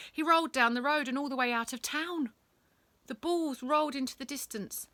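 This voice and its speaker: A woman reading a bedtime story, animated, acting out sound effects and dropping to whispers. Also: high voice, a little fast.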